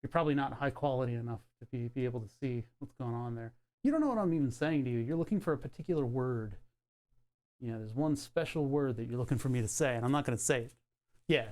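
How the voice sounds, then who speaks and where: A man chatting casually to his stream audience from a home workspace on a desk mic. He rambles with fillers and restarts, and breaks into high baby talk for his dog. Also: fast, darkish tone. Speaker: livestreamer. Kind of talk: casual live-stream chat. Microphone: desk mic on a cable.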